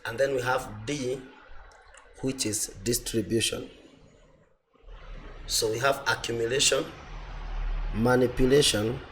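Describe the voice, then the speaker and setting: A man teaching an online trading class, explaining slowly with repetition and fillers, his voice a little off from a cold. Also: mid-range voice, fairly even intonation, fairly bright tone, a little hiss or hum. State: voice slightly off from a cold. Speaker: forex trading instructor.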